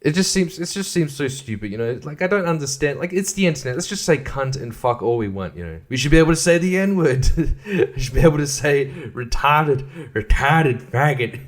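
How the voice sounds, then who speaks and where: A man's voice: fairly high pitch, expressive, fairly quick, few pauses. A man hosting a solo podcast, rambling and swearing freely, laughing often and stumbling over restarts. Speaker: podcast host.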